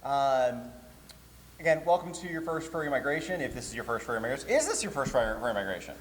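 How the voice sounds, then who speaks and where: A man's voice: medium pitch, fast. Joking man hosting a convention panel. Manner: joking, chatty, lively with laughs. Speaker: convention programming director. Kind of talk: live panel talk to an audience. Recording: hall reverb, faint room noise.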